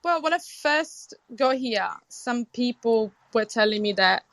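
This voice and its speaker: A woman's voice: on the high side, expressive, measured pace, a bit bright, no echo. Italian-accented woman chef, dry close sound. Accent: Italian with British English influence. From Sicily, Italy. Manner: earnest, frank, with frequent restarts. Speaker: chef, guest. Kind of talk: casual interview conversation.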